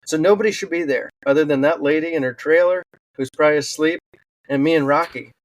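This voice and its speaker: A man's voice: on the high side, fast, dry recording. A man who is a podcast guest, telling personal stories earnestly in a casual interview, with plenty of "um"s along the way. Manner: earnest, animated storytelling with fillers. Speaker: podcast guest, wildland firefighter and author.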